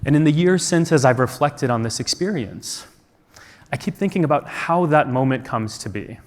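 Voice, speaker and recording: A man's voice: mid-range voice, lively intonation, normal speed. A man from the United States telling a personal story on stage at a conference, earnest and reflective, with many rhetorical questions. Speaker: conference speaker. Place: large conference hall. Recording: long hall reverb.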